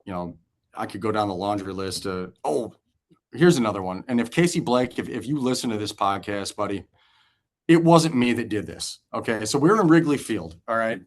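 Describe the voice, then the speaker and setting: A man around forty, a former pitcher guesting on an interview show, telling locker-room stories in a loose, animated way, swearing freely and laughing as he goes. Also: normal speed. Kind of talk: casual storytelling interview.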